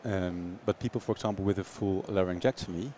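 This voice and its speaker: Deep-voiced man, halting speech. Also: mellow, slight background noise. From Netherlands. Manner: hesitant, fillers and repeated words. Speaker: startup founder guest. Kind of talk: interview answers.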